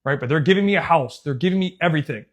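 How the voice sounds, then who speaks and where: Animated man telling a story. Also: fairly high pitch, racing, dull audio. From United States. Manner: animated, swears a lot, says "bro" and "dude". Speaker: youth soccer coach and channel host. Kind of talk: casual storytelling.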